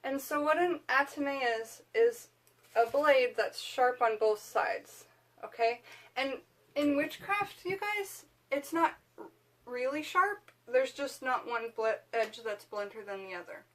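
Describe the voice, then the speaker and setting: Young woman vlogging about her craft, slightly high voice, rambly and full of likes and you knows. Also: lively intonation, measured pace, fairly bright tone. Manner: chatty, rambling, filler-heavy. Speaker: witchcraft video host. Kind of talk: casual chat to camera.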